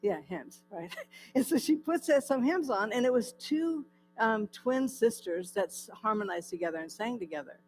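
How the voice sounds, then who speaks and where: A woman giving a personal recovery testimony at a church, telling her story in a lively way, acting out the dialogue and often laughing. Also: fairly high pitch, normal speed, faint music behind, rough recording. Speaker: guest speaker at a church. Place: church hall.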